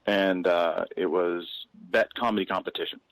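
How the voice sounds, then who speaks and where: A man's voice: low-pitched, steady tone, moderate pace, rough recording. A man, a comedian guest on a podcast, telling a casual anecdote with frequent restarts and fillers.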